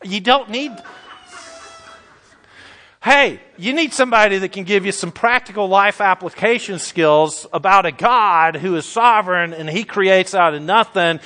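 A man's voice: sits high, measured pace, pushed and bright. A man preaching a sermon, fiery and emphatic, stretching out his stressed words.

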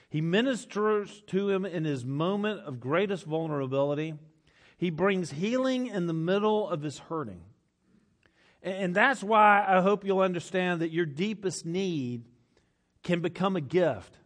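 Emphatic male pastor preaching. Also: sits high. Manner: emphatic, repeats phrases for effect, laughs often. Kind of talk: sermon.

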